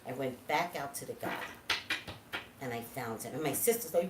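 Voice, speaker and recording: A woman telling a story in casual monologue, animated, swinging from low asides to loud outbursts. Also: normal speed, gravelly, pauses often, recorded from a distance, background noise. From California. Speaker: psychic vlogger. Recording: echoey room, voice from off-mic.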